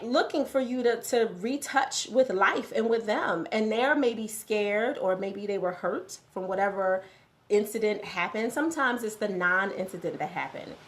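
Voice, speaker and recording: A woman hosting a morning motivational live stream. She talks conversationally, repeats phrases for emphasis and answers viewers' comments as they come in. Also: medium pitch.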